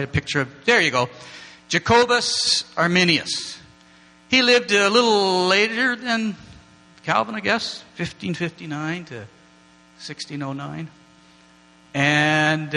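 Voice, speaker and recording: A man leads an informal church lesson from slides, wandering into asides and light jokes with the group. His voice is a touch high for a man and cuts through crisply. A long hall reverb and a low electrical hum sit behind him. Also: sharp tone. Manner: chatty, digressive, joking asides with the class. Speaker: church teacher. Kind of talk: informal classroom lecture with slides.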